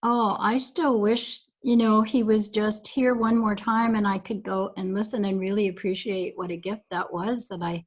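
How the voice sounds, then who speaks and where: A woman with a slightly husky, breathy voice at a middle pitch, recalling old memories on a call. She talks in a loose, meandering way, full of small pauses and "you know"s. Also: steady tone, low-quality recording. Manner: reflective, rambling storytelling with fillers. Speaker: guest recalling early days. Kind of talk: casual recorded call.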